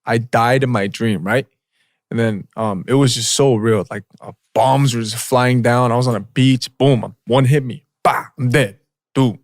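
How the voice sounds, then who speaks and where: A man's voice: medium pitch, fairly even intonation, moderate pace, no echo, clean studio sound. A young man co-hosting a podcast, telling a story in casual slangy chat with lots of filler words and "bro". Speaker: podcast co-host.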